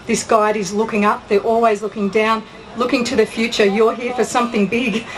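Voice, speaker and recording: A woman in the audience at a talk, speaking in a halting, heartfelt way and restarting her sentences. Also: fairly high pitch, level tone. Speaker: audience member. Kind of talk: Q&A comment from the audience. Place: outdoor event on a hot day. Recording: noisy live event recording.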